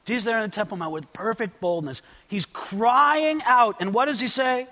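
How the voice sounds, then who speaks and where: High, lively male preacher, bright tone, acts out quotes, swings loud to hushed, echoing hall. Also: fast. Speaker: pastor. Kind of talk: expository sermon.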